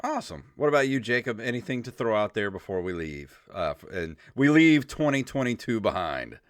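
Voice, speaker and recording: A man's voice: on the low side, big pitch swings, a little fast, dry recording, studio quality. A man co-hosting a podcast in casual chat, laid-back and self-mocking, with some swearing. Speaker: podcast co-host.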